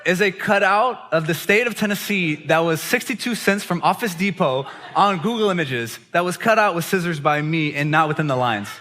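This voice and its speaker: A male preacher giving an animated storytelling sermon, laughing often as he talks. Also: on the high side, normal speed, hardly any pauses. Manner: animated, laughs while telling stories. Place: church gathering hall.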